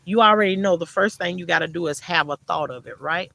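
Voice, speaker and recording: A woman's voice: fairly low pitch, fast, vocal fry, a bit bright, slight background noise. A woman hosting a casual livestream outdoors in her yard garden, chatty, laughing often and repeating herself, then turning encouraging toward her viewers. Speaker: livestream host.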